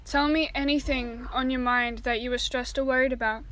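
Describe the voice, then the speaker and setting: A woman's voice: high voice, steady tone, normal speed, fairly bright tone. A woman reading the part of a caring teenage girl, soothing and reassuring.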